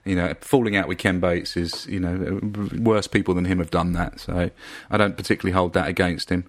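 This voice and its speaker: A man's voice: deep voice, steady tone, fairly quick, no room sound. A man co-hosting a podcast, chatty and full of asides as he tells stories. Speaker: podcast co-host. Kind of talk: casual chat, storytelling.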